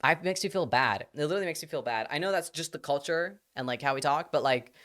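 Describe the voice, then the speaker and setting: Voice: medium pitch, lively intonation, fast, fairly bright tone. A live streamer casually telling a rambling anecdote to the audience, full of fillers and quoted voices.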